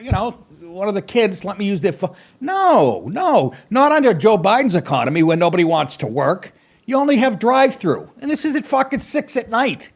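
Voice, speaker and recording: Profane, rambling male podcast host. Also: a little high. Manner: rambling, swearing, self-mocking storytelling; wry asides, breaks into laughter. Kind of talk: profane comedic monologue.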